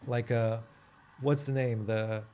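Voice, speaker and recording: A man's voice: mid-range voice, fairly even intonation, mellow. Man thinking aloud while coding. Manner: halting, thinking aloud with restarts and self-questions; reads documentation aloud in quick bursts. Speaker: programmer vlogger.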